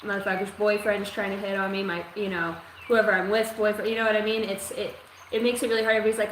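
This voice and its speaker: A woman's voice: mid-range voice, quick pace, hardly any pauses. A woman giving a live-streamed psychic reading, talking in a rambling, profane, streetwise way. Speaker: psychic reader. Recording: echoey room with steady noise.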